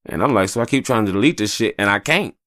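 A married adult man with kids hosts his own podcast, delivering a fast, rambling, profane monologue full of animation. He often slips into exaggerated high-pitched voices when quoting people. The sound is clean studio audio with no echo.

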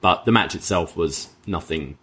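A man, co-hosting a casual wrestling review podcast, relaxed and chatty with casual swearing. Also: low voice, moderate pace, breathy edge. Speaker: podcast co-host.

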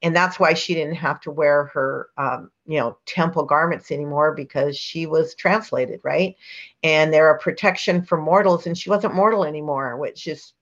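A woman's voice: low-pitched, normal speed. A middle-aged woman telling a story as an interview guest, chatty and rambling with fillers and restarts. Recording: dull lo-fi sound.

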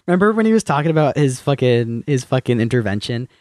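A man's voice: mid-range voice, big pitch swings, fairly quick, a little mellow, no room sound, clean studio sound. A man co-hosting a podcast, chatting casually, swearing freely and acting out movie scenes in silly voices. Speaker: podcast co-host. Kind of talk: casual chat.

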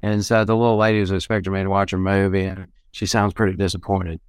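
A man's voice: low-pitched, flat delivery, clear, resonant tone, no room sound, clean studio sound. A man politely apologizing and saying goodbye as a guest on a podcast. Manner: polite, apologetic, quick talker. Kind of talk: casual chat.

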